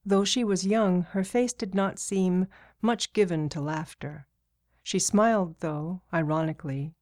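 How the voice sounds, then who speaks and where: Low-voiced woman narrating a novel. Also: a little slow, a little mellow. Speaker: audiobook narrator. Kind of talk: scripted narration.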